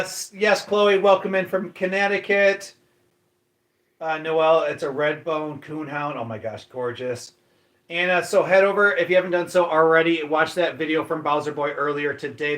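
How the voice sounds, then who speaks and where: Man, Michigan, casual livestream host, chatty, bright voice, slightly high. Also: fairly even intonation, moderate pace. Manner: chatty, upbeat, greets viewers by name. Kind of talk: casual livestream chat, reading viewer comments.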